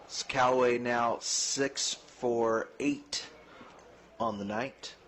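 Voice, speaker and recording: Man, mid pitch, easygoing radio color commentary. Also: flat delivery, slow pace, a bit bright. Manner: easygoing, polite, adds names and stats.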